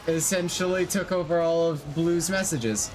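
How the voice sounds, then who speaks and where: A man's voice: fairly high pitch, fairly even intonation, normal speed, background noise. A man streaming a game, chatting casually with friends in a laid-back, chuckling, rambling way. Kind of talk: casual gaming chat with friends.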